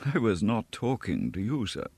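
A man voicing a composed middle-aged gentleman who speaks quietly with amused contempt. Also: on the low side, big pitch swings, normal speed, dry recording, studio quality. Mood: contemptuous.

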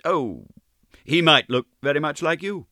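A proud, poised young woman, as a male reader puts her on, cool and gently teasing in an audiobook reading. Her voice is raised above a low register and moves with lively swings of pitch. It sits close and dry. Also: unhurried, dry recording. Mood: reproving. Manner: cool, reproving, lightly playful.

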